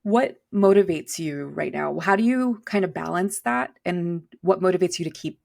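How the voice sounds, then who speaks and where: A woman's voice: on the low side, moderate pace, creaky, a little mellow. A woman hosting a podcast interview, asking questions in an encouraging way. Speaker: podcast host.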